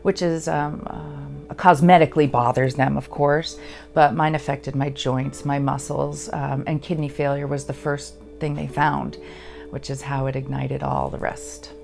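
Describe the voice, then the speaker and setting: Low, gravelly-voiced woman veteran. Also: flat delivery, darkish tone, faint music behind. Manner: halting, earnest retelling. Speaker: veteran sharing her story. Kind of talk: personal testimony.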